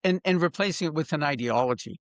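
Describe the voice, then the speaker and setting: An older man hosting a podcast interview, talking in a halting way and often repeating words as he restarts a thought. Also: on the high side, animated, no echo. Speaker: podcast host. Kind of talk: casual interview conversation.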